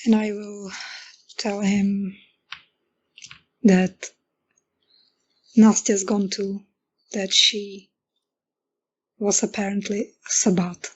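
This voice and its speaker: Slow, husky-voiced woman player. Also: medium pitch, little pitch movement, low-quality recording. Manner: hesitant, describes actions in first person. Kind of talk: casual in-character role-play.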